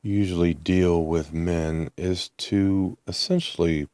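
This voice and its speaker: A man talking alone to his listeners, slowly and haltingly, with many ums and restarts. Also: low voice, steady tone, a little mellow, smooth, no room sound. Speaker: channel host. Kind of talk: unscripted monologue to camera.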